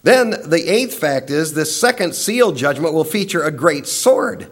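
A man preaching a sermon, emphatic and repeating key phrases for weight, now and then dropping low and quiet. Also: expressive, a little slow.

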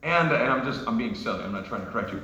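A preacher from New York delivering an emphatic sermon in a church, with rising shouts and joking asides. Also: male voice, mid-range voice, lively intonation, racing, echoey room, highs cut off, slight background noise. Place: church sanctuary.

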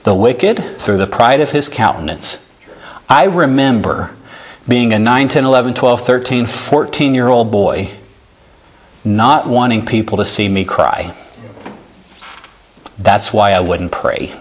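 A man preaches in a church, earnest and animated. He reads scripture aloud and speaks straight to his congregation. His voice sits at an average pitch for a man. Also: measured pace, long pauses, husky. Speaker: pastor. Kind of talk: sermon. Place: church sanctuary.

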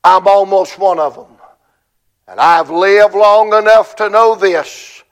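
A man in his sixties from Virginia preaching a conference sermon, with fervent rhythmic repetition that builds to shouted peaks. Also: high-pitched, steady tone, slow.

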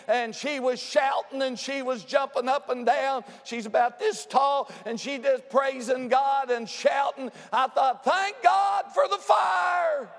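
A man preaching a revival sermon, dropping to hushed storytelling and rising to shouted exclamations. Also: very high voice. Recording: long hall reverb.

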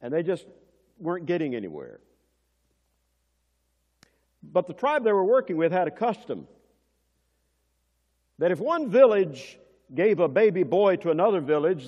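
A man preaches a sermon in a large church hall, and his voice trails into a long reverb. His pitch sits a little high and moves in lively swings, from loud emphasis down to quiet, hushed lines. He questions his listeners like a teacher, and the recording sounds somewhat dull. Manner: teacherly, asks the congregation questions.

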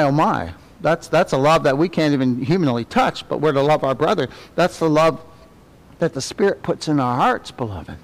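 Animated preacher teaching Sunday school. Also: male voice. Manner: animated, asks the class many tag questions; drops to a soft, low murmur on reverent phrases. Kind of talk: conversational Bible teaching. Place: church classroom.

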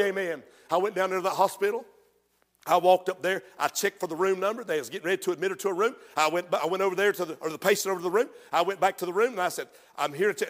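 A man preaches in a church, his voice high-pitched and bright. He moves between quiet storytelling and loud, fervent proclamation. Long reverb from the large hall trails every phrase. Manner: storytelling, shifts from hushed recounting to shouted preaching. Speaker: pastor. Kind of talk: sermon. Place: church sanctuary.

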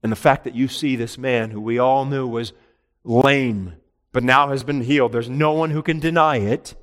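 Male preacher, mid pitch, expository sermon; swings between emphatic and hushed delivery. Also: moderate pace. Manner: rises to emphatic peaks and drops to quiet; reads scripture in old-style wording, then explains.

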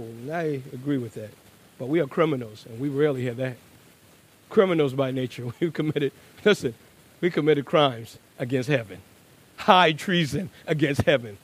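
A man preaching a sermon. He drops to a hushed, low voice, then builds to loud, emphatic bursts and slows down on key words. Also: breathy edge.

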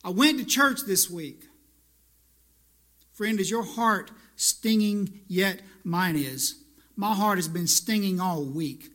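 A man's voice: high voice, takes it slowly, a bit bright. A male pastor delivering a conversational sermon that builds into emphatic, repeated lines. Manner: conversational preaching, rising to emphatic repetition.

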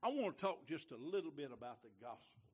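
A man preaching a sermon as a visiting preacher in a church, folksy and joking, swinging from quiet asides to loud, emphatic lines. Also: a little high, very animated, fast, slightly rough. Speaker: guest preacher. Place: church sanctuary.

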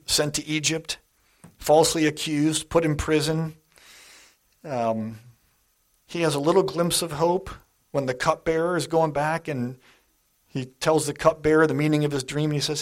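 A man's voice: on the high side, normal speed. A middle-aged man preaching a sermon in a church, telling stories in a conversational way and speaking straight to the congregation. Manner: conversational storytelling, addresses the congregation directly.

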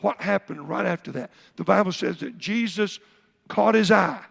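A pastor with a high, gravelly voice preaches a sermon to his congregation. He asks them questions as he goes, and his words ring out with a long reverb through the church sanctuary. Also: normal speed.

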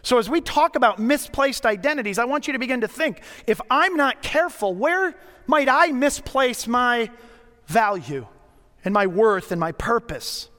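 A middle-aged man preaching a sermon as a pastor, telling stories in a conversational way with dramatic pauses. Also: extremely high pitch, animated, a bit bright. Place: church sanctuary. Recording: long hall reverb.

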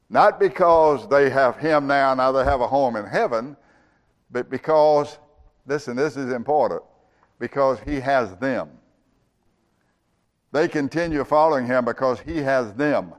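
Male preacher, measured unhurried sermon delivery with emphatic swells; mid-range voice. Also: mid-range voice. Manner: slow, emphatic preaching that rises and swells on key words. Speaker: pastor.

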